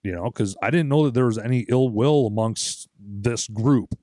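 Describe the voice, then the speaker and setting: A man's voice: medium pitch, moderate pace, mellow, dry recording. Man, casual podcast chat, storytelling, cursing, dry close sound. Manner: swearing, storytelling with quoted voices. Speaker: podcast co-host.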